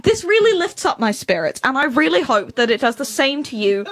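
A New woman hosts a late-hour community radio show in a high, lively voice. She chats and giggles with her friends between songs. Her voice sits close and dry in the studio. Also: a little fast, no echo. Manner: giggly, playful, chatty. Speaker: radio host. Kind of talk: casual community radio chat.

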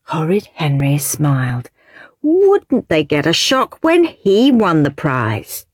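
Lively woman reading a children's story. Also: deep voice, takes it slowly, husky, no room sound, studio quality. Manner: expressive, lively narration.

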